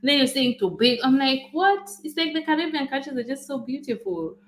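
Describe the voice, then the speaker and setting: A woman's voice: sits high, lively intonation, brisk, rough recording. A woman, the vlogger's wife, chatting casually in a playful, teasing manner. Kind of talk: casual chat.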